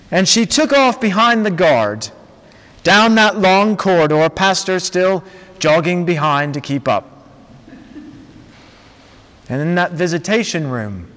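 A man preaching a sermon, telling a story slowly and dramatically with long pauses. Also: fairly high pitch, a bit bright. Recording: long reverb of a large hall.

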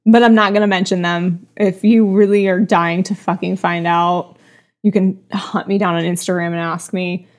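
A woman's voice: fairly low pitch, fairly even intonation, normal speed. Blunt, playful woman co-host, congested. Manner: blunt, playful, swears freely. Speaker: podcast co-host. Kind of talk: casual chat.

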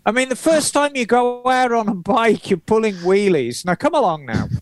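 High, animated man with blunt banter. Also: normal speed, slight background noise. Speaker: podcast co-host. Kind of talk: casual chat.

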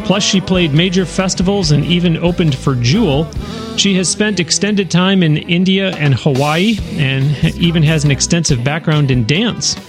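A man hosting an interview podcast, chatty and quick to laugh. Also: on the high side, music in the background. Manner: chatty, laughs often, upbeat. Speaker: podcast host. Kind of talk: casual interview.

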